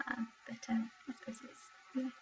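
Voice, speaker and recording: A young woman from Wales chatting with her viewers while commenting on her gameplay, excitable and talkative, in dull lo-fi home stream audio. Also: on the high side, normal speed, slight background noise. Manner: chatty, excitable, exclaims at the game. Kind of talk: live gameplay commentary and chat.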